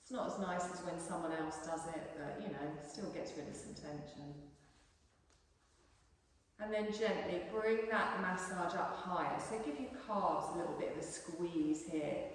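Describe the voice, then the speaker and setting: A woman teaching a yoga class, guiding a calm relaxation in a soothing, gently coaxing voice. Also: lowish voice, moderate pace, a little hiss or hum. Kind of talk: guided relaxation instruction. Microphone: distant room mic. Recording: echoey hall from far off.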